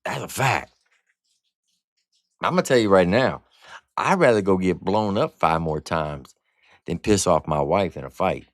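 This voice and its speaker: A deep-voiced man reviews an album live for his chat, unhurried and swooping up and down in pitch as he reacts. His talk is blunt, slangy and profane, and the sound is dry and close with no room around it. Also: lively intonation, no echo. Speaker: music reviewer and streamer host. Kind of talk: casual livestream album review.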